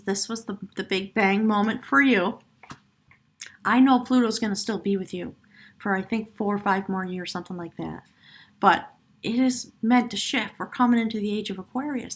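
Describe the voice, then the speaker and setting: A woman giving an earnest, emotional tarot reading, laughing often and at times choked up, her voice cracking. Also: fairly high pitch. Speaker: tarot reader.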